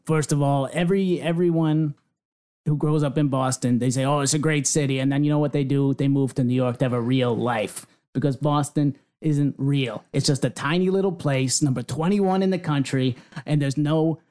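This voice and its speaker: A man's voice: mid-range voice, steady tone, moderate pace, a little mellow. A man in a comedy debate, mocking and dismissive as he trash-talks the other side. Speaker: debater for New York.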